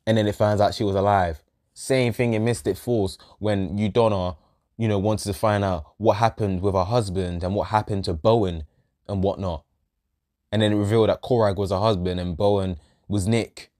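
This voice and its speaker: A man's voice: fairly low pitch, a little fast, a little mellow. A man ranting in a show review, exasperated and profane, repeating himself and trailing off in sighs. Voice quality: exasperated, sweary, repetitive.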